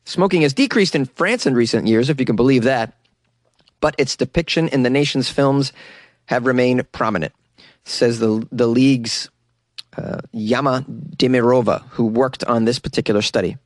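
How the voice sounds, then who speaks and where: A man's voice: medium pitch, moderate pace, no room sound, clean studio sound. Sarcastic American man riffing on news. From United States. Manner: sarcastic, laughs often, reads out news and riffs on it. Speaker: news commentary host. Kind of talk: casual news commentary.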